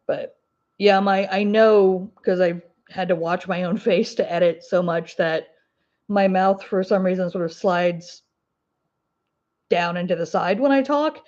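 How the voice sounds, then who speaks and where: A woman from the Ozark Mountains in the US hosts a crafting livestream, answering viewer comments in a casual, rambling way with her Ozark twang and frequent laughter. Her voice is on the low side, unhurried, and a little mellow, with the highs cut off.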